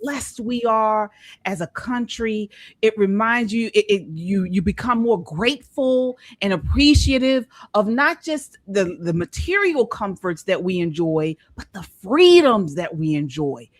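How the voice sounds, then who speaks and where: A woman's voice: mid-range voice, lively intonation, unhurried, no room sound. A middle-aged woman hosting a casual commentary chat, earnest and often restarting her sentences. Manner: earnest, many restarts and repeated words. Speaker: host.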